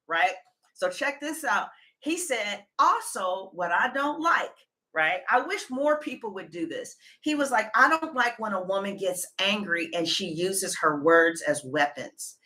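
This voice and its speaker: Bright-voiced woman telling a story. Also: a little high, a little slow. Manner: animated storytelling, retelling others' words. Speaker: tarot reader. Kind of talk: casual chat to viewers.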